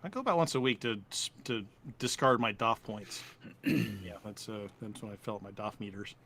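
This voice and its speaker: A man co-hosting a live podcast, trading quick banter and often restarting his sentences. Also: fairly low pitch, vocal fry, fairly bright tone, slight background noise. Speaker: podcast co-host. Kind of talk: casual live podcast chat.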